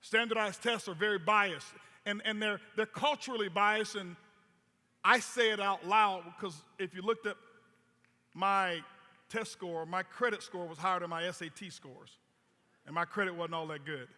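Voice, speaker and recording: A man's voice: high-pitched, normal speed, bright, forceful tone. A man giving a stage presentation as a motivational speaker, telling stories with emphatic repetition. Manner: storytelling, emphatic, repeats words. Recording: long hall reverb.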